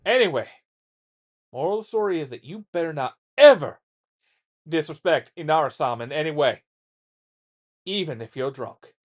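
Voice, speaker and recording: A man putting on a gruff old war veteran father. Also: a little high, expressive, moderate pace, pauses often. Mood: grim. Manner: blunt, coarse, folksy storytelling. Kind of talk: reading a letter aloud in character.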